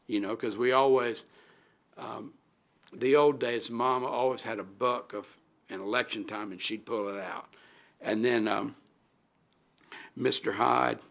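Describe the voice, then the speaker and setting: A middle-aged alderman with a gravelly, creaky voice speaks at a council meeting. He is halting and heartfelt, restarting sentences and trailing off. He talks into a desk microphone in a council chamber. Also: medium pitch, steady tone, fairly bright tone. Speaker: city alderman. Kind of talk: emotional tribute speech at a council meeting.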